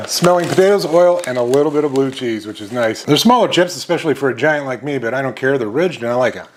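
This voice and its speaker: A man's voice: medium pitch, fairly quick, slight background noise. Upbeat middle-aged man reviewing chips. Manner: upbeat, chatty, lots of happy exclamations. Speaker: snack review host. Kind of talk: casual review vlog.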